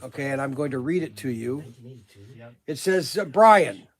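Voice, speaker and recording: A man's voice: mid-range voice, normal speed. A man co-hosting a livestream, reading an email aloud and explaining it in detail with dry teasing. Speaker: livestream co-host.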